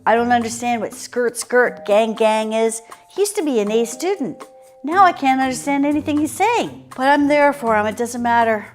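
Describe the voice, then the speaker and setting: A woman's voice: fairly high pitch, moderate pace, reverberant, faint music behind, natural voice. A woman in a comedy sketch playing a doting, confused mother who fusses over her son. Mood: bewildered. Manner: sweet, fussing. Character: doting, bewildered suburban mom.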